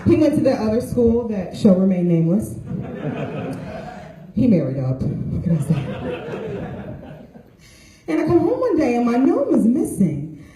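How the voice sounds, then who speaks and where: A woman's voice: on the high side, sing-song, unhurried, long pauses, crowd noise. A middle-aged woman doing a stand-up comedy set, telling stories and voicing the people in them. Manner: storytelling with voiced quotes of others. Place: stage with audience laughter. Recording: echoey room.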